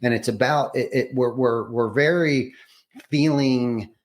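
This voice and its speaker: A man hosting a podcast interview, asking long and loose questions. He restarts his sentences often and leans on fillers, at an ordinary pitch for a man. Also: measured pace. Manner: rambling, many restarts and fillers. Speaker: podcast host.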